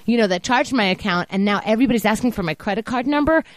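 A woman in casual chat, telling a story in an animated, profane rant. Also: fairly high pitch, fast, no echo.

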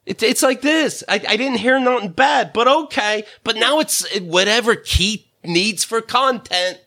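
A man hosting a podcast, telling a story in an animated, profane rant and laughing between bursts. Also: very high voice, a little slow, dry recording, clean studio sound. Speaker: podcast host. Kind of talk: casual ranting storytelling.

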